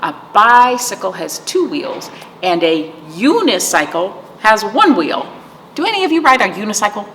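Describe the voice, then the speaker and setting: A woman's voice: mid-range voice, big pitch swings, moderate pace. A woman children's librarian reading a picture book aloud, playful and asking children questions. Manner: warm, playful, asks kids questions. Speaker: children's librarian, storytime host. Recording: reverberant room, faint noise.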